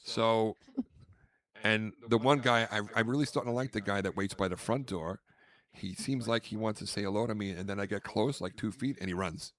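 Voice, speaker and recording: This man hosts a podcast, his voice fairly low and a touch bright, moving at a moderate pace. In relaxed conversation he wanders through long anecdotes, dropping names and performing other people's lines.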